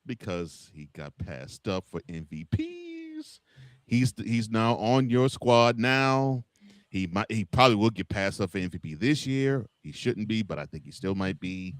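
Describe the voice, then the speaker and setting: A man co-hosting a casual college football chat, teasing his partner and laughing loudly. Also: lowish voice, big pitch swings, measured pace, no echo. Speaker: co-host.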